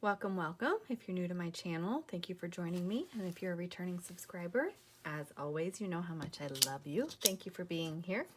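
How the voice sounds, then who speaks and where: A woman's voice: on the low side, fairly quick, slight background noise. A tired woman hosting a crafting channel, chatting casually and rambling to viewers as she works on a journal. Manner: chatty, rambling, talks to viewers while working.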